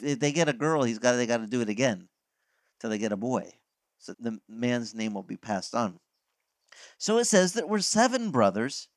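A man delivers a casual, folksy sermon in a mid-range voice and acts out little voices as he goes. The sound is dry and close, with no room echo. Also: mid-range voice. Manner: animated, folksy, acts out quoted voices, frequent restarts. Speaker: pastor. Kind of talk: conversational sermon.

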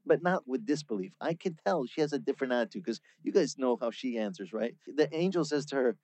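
A man preaching a sermon, teaching through a Bible passage in a lively, conversational way. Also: mid-range voice, a little fast, no room sound. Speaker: pastor.

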